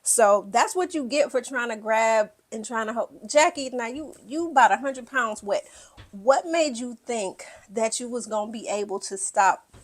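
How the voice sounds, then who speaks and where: Animated, blunt woman recapping reality TV. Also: a little high, normal speed. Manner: animated, blunt and profane, acts out quotes. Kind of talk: casual recap commentary.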